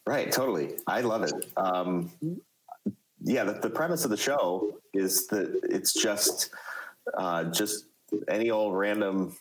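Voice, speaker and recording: A man with a Chicago accent hosting a casual live podcast chat, talking haltingly with many fillers and restarts. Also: fairly low pitch, slight background noise, poor audio. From United States. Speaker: podcast host.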